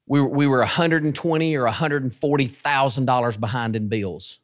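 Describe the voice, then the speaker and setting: A man preaching a sermon, with animated delivery and drawn-out, emphatic repetitions. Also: mid-range voice. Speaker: pastor and station head.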